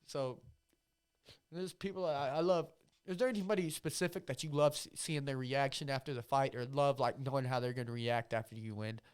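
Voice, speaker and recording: A man's voice: medium pitch, brisk, darkish tone, clean tone. A man in his twenties hosting a casual podcast chat, talking in a profane, hyped-up, rambling way. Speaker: podcast host and amateur fighter.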